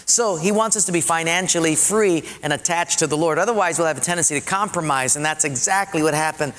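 Male preacher, sermon delivery, lively storyteller, high voice in a reverberant hall. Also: fast talker. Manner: animated storytelling with acted-out voices.

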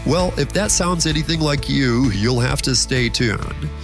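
Male announcer, mid-range voice, measured scripted intro over music. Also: mid-range voice, expressive. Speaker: radio program announcer.

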